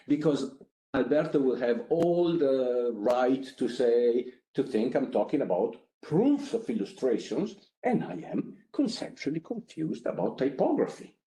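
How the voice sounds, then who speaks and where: A man with an Italian accent giving an academic lecture, conversational and animated, often checking in with the audience. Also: mid-range voice, reverberant. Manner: animated, conversational, frequent "right?" asides.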